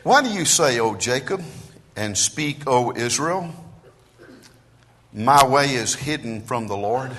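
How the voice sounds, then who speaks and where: A man preaches a sermon in a church with a bright, forceful tone. He moves between hushed asides and loud declarations, with a lively, swinging pitch. His voice carries a long reverb from the hall. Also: slow pace, long pauses. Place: church sanctuary.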